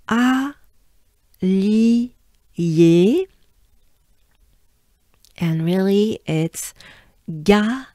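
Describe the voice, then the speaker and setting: A woman's voice: medium pitch, mellow, no echo, studio quality. A woman from France with a French accent, teaching pronunciation patiently and breaking words into syllables. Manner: patient, drills sounds syllable by syllable. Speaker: pronunciation coach. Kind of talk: slow pronunciation lesson.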